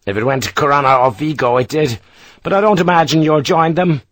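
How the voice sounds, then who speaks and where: A man voicing an ebullient, middle-aged Irish engineer captain who speaks briskly and emphatically, with an Irish accent. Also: on the high side, a bit bright, no room sound, pitched above the performer's own voice, lightly acted.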